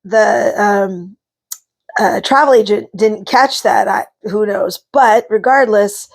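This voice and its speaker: A woman's voice: medium pitch, slow, creaky. A middle-aged woman talking casually to camera, chatty and rambling, with frequent ums and asides. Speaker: vlogger, psychic card reader.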